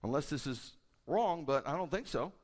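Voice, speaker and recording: A man, a rabbi, preaching a sermon with a conversational manner and bursts of loud, emphatic delivery. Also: fairly high pitch, moderate pace. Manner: animated, rising to loud emphatic peaks. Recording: hall with long reverb.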